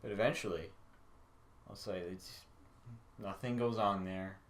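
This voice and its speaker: A man's voice: lowish voice, steady tone, a little slow. A man co-hosting a podcast in casual chat, hesitant and trailing off. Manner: hesitant, full of fillers, trailing off. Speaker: podcast co-host.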